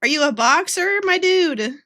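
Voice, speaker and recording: A woman's voice: high-pitched, animated, moderate pace, bright, forceful tone. A young woman streaming casually while she draws, chatting playfully with her viewers. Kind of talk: casual livestream chat while drawing.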